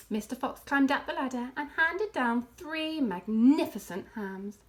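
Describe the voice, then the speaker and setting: A woman reading a children's book aloud in an expressive, animated way. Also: high voice, measured pace, hardly any pauses. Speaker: storyteller.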